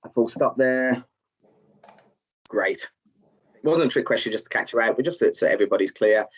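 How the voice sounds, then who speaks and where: A man's voice: mid-range voice, moderate pace, husky. Man tutoring over a muffled call. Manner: encouraging, reads out chat replies, many fillers. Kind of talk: live online lesson. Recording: slightly dull, muffled audio.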